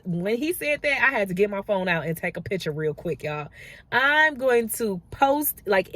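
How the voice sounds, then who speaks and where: A woman, a mother telling a story casually to her phone camera, animated and exasperated. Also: fairly high pitch, no echo. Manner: animated, rising to exasperated disbelief. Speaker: vlogger, mother.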